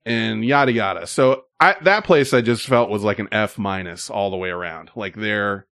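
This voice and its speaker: A man's voice: on the low side, normal speed, a bit bright, no echo, clean studio sound. A man hosting a casual chat, telling rambling stories with many fillers.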